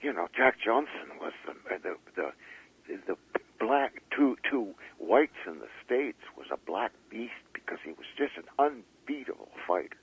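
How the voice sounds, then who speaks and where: A man, an author being interviewed, talking in a halting way with many fillers and restarts. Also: mid-range voice, sing-song, breathy edge, poor audio. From Canada. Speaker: author guest. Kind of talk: interview conversation.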